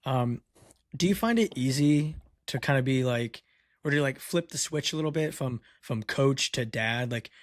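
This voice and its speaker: A man at a middle pitch hosting a sports podcast, his voice dry and close with no room sound. He asks questions in a halting, hedging way, with plenty of likes and you-knows. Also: no room sound. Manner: halting, hedging, heavy fillers. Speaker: podcast host.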